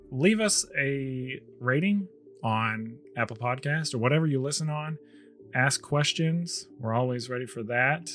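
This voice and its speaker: A man's voice: mid-range voice, fairly bright tone. Tired man ranting on a podcast. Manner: ranting, rambling, with restarts. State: losing his voice, tired. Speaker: podcast co-host. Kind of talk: casual podcast monologue.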